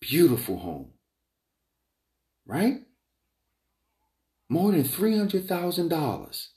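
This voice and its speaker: A man giving a rambling opinion monologue, emphatic and repetitive, wandering off on tangents and climbing high in pitch when he gets heated. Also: wildly swooping pitch, takes it slowly, dark tone. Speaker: entrepreneur vlogger. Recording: roomy echo.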